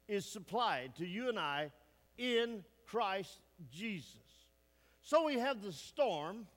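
Man, pastor, folksy emphatic sermon, high voice, church hall reverb. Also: fairly bright tone. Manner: folksy, emphatic, asks the congregation questions. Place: church sanctuary.

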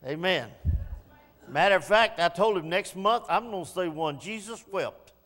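A man's voice: high voice, animated, moderate pace, a bit bright. A man preaching a sermon in a church, emphatic and repeating key phrases. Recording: long reverb of a church hall.

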